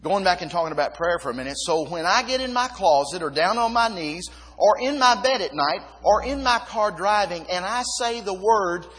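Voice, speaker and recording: A man preaching a sermon, emphatic, dropping low and quiet then rising again. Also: expressive, normal speed, hardly any pauses, slightly rough. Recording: long reverb of a hall.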